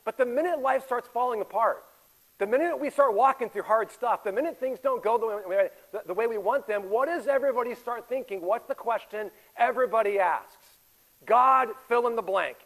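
A man in his forties preaching a sermon as a pastor, swinging between loud emphatic stretches and hushed, intimate ones. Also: extremely high pitch, a little fast, poor audio. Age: 40s. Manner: animated, shifts from loud emphatic to quiet intimate.

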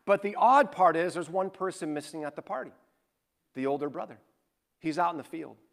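Male pastor, sermon, slightly high voice, earnest storytelling, hushed to fervent. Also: a little fast, vocal fry.

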